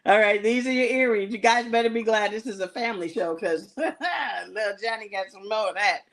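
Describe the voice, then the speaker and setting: A woman's voice: mid-range voice, brisk. A woman hosting a live jewelry sale show, chatting casually and giggling as she talks to her viewers. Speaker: live shopping show host selling jewelry. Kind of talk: casual live-stream sales chat.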